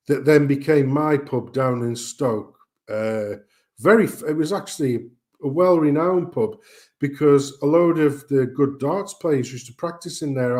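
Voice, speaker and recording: A man's voice: medium pitch, darkish tone. A middle-aged man, telling rambling family anecdotes in casual chat, joking and swearing as he goes.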